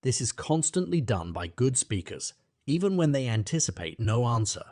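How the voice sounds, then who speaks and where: A man narrating a classic novel as an audiobook, in a measured, even way. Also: medium pitch, no room sound, studio quality.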